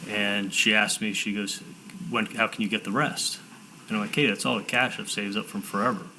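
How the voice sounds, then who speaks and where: A low-pitched man with a bright, forceful voice gives courtroom testimony. He talks in halting bursts, restarting and repeating words as he retells conversations. Faint room hiss sits behind him. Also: fairly even intonation, rough recording. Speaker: defendant testifying.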